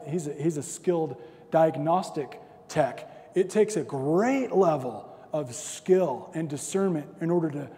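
A man's voice: fairly high pitch, mellow, big-room sound. A man in his thirties, a pastor giving a sermon, talking in a conversational, self-deprecating way and acting out little stories.

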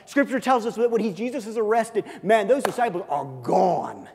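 A man preaching a sermon as pastor, swinging from loud, urgent passages to hushed, soft ones and acting out quoted voices in conversational asides. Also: high-pitched, animated, normal speed, gravelly. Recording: long reverb of a large hall.

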